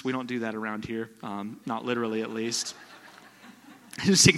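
A man preaches a sermon in a church, and his voice has a bright, forceful edge. He tells stories, dropping low and quiet before rising into loud bursts. The sound rings with a long hall reverb. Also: fairly even intonation, normal speed. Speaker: visiting pastor.

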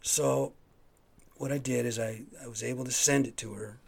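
A man's voice: mid-range voice, steady tone, moderate pace, vocal fry, slightly rough. A man hosting his own podcast, telling a rambling, profane story in a casual, worked-up way. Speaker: podcast host. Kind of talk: casual solo monologue.

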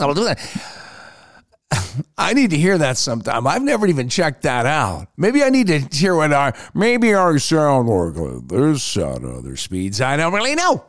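A man hosting his own podcast talks in a relaxed, rambling way, his voice sitting a little high and bouncing up and down as he tells a story. The sound is dry and close, with no room behind it. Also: no echo. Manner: animated storytelling, quick pitch swings. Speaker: podcast host. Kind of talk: casual solo podcast talk.

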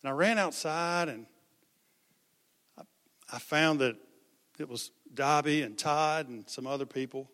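An impassioned male preacher with a forceful, ringing voice, pitched a little high for a man. He hammers phrases through repetition. His voice rings out through a large hall with long reverb. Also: unhurried, pauses often. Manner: impassioned, repeats phrases for emphasis. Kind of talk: sermon.

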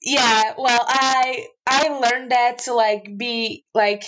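A young woman who speaks English as a second language, chatting as a podcast guest. Her voice sits a little high and her delivery is very unhurried, broken by fillers, restarts and frequent laughter. She comes across as an animated storyteller. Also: rough recording. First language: not English. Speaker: podcast guest, hockey player. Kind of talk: casual interview chat.

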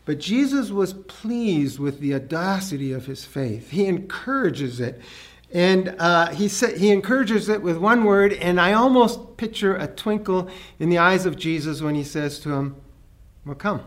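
A man's voice: expressive, normal speed. A man preaching a sermon, earnest, raising his voice for emphasis. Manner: earnest, rises in pitch and volume for emphasis. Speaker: pastor.

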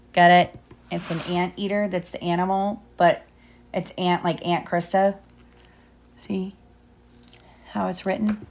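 A mother reading a picture book aloud to her child, pausing to explain pages and ask questions. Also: on the low side, flat delivery. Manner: stops to explain and quiz the child.

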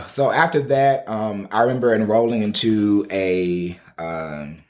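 A man, a podcast guest, telling his personal story in casual, earnest conversation with animated asides. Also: fairly low pitch, slow.

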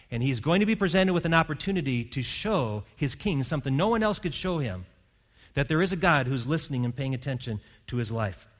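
In his sermon, a male pastor recounts a Bible story, performing the characters' voices and building to loud emphasis, all in a mid-range voice.

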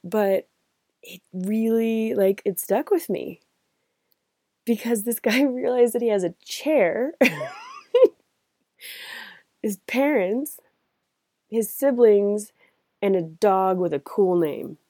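A woman's voice: medium pitch, slow, pauses often, dark tone, no room sound. A woman hosting a podcast in a casual, rambling, reflective monologue, often laughing, recorded on AirPods at a cabin. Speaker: podcast host. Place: family cabin.

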